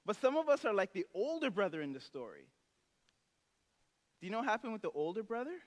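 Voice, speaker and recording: High-voiced pastor in a reverberant church. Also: male voice, big pitch swings, fast. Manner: conversational preaching with acted-out story voices. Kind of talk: sermon. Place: church sanctuary.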